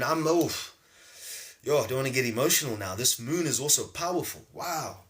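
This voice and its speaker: A man acting as spiritual teacher and livestream host gives a casual spiritual talk, reading out viewers' names in chat shout-outs. His delivery is loose and emphatic, and he keeps asking "see?" to press his points. His voice is medium-pitched with a fairly bright tone.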